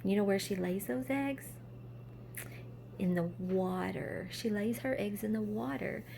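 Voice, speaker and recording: A woman teaches kindergarten children from home, speaking slowly and patiently in a mid-pitched voice. She asks simple questions and then answers them herself, and faint room noise sits behind her. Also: creaky, warm tone. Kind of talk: remote lesson to young children.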